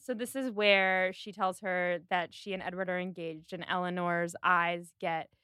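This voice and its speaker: A woman hosting a podcast in casual chat, animated and quoting characters as she goes. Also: lowish voice, measured pace, clear, resonant tone, dry recording, clean studio sound. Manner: animated, quotes characters in voices. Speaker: podcast host.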